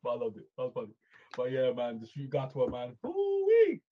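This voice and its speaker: A man co-hosting a podcast from a warm room at home, laughing and exclaiming in casual chat. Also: mid-range voice, little pitch movement, fast, muffled recording. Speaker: podcast co-host.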